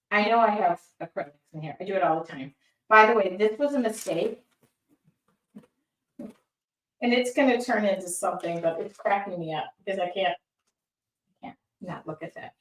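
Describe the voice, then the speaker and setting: Painting during a live art demo, this mid-range-voiced woman chats easily and reads out comments from her viewers. The mic sits at a distance, so her voice sounds roomy and a bit off-mic.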